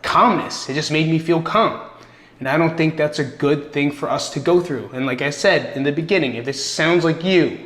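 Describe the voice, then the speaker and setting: A young man hosting his own video, talking straight to the viewer in a candid, earnest and encouraging way. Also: a little high. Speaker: video host. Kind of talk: casual direct-to-camera talk. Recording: echoey room.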